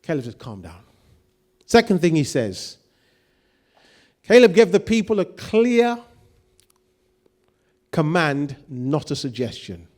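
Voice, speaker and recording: Lively, animated male preacher. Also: a little high, slow pace, long pauses. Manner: animated preaching, acts out quoted voices, asks the congregation questions. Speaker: pastor. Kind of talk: sermon.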